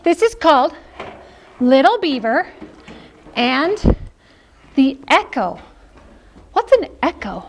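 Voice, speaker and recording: Animated woman teacher telling stories. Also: sits high, slow pace, pauses often, slight background noise. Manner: expressive, animated storyteller. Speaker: music teacher. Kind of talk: instructional narration and storytelling to preschoolers.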